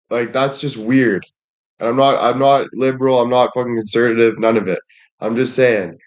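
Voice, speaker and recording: A young man ranting bluntly at his viewers with heavy swearing and repeated catchphrases. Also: medium pitch. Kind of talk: profane rant to viewers.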